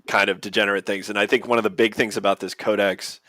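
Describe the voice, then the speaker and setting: A man with a lowish voice walks through game rules in relaxed podcast chat. He is methodical and leans on fillers as he explains. The sound is dry and close to the mic. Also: fast, no echo. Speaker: podcast co-host.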